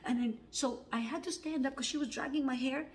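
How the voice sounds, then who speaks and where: A woman's voice: sits high, brisk. Woman, audition self-tape, chatty anecdote, acts out the quotes, filler-heavy. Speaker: actor auditioning. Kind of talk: casual storytelling to camera.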